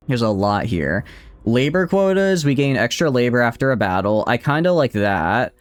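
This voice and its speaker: A man with a Southern US accent, a game streamer talking playfully and teasingly to his chat while he plays. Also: medium pitch. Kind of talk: casual live-stream chat.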